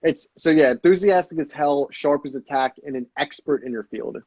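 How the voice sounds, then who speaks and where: A man chatting as a podcast guest, energetic and swearing freely, often acting out sales calls. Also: fairly high pitch, moderate pace, no room sound, dull audio. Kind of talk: casual podcast chat.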